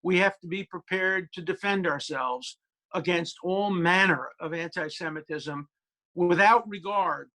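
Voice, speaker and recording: A man's voice: high-pitched, a little slow, bright, forceful tone. A male law professor speaking as a guest on a video call, emphatic and storytelling, with many hesitations.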